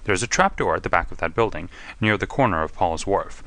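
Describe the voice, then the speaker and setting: A man voicing a sharp, commanding male detective, speaking in a quiet, precise and assured way. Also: low voice, expressive, fast talker, no room sound. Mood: wry, confiding. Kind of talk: audiobook character reading.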